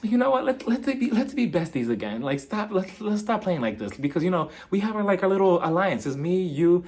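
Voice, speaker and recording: A man's voice: high-pitched, big pitch swings, a little fast, a little mellow. A man imitating a fake-sweet reality TV woman in a hesitant, wheedling voice.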